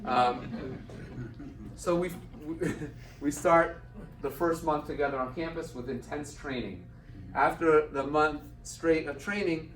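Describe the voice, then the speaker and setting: Man in his forties, guest speaker, lively storyteller, echoey hall, mic a little far off. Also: mid-range voice. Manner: animated storyteller acting out quotes. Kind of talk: storytelling talk to an audience. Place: event hall with live audience. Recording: roomy hall, mic heard from a distance.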